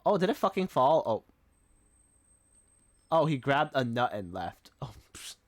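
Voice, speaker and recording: A young man's medium-pitched, sing-song voice unfolds at a measured pace with no echo as he streams live. Chatting casually, he tells wandering stories stuffed with fillers and regular profanity.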